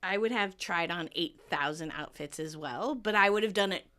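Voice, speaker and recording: Giggly, bright-voiced woman podcast co-host. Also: on the low side, moderate pace. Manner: giggly, laughs often. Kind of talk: casual chat.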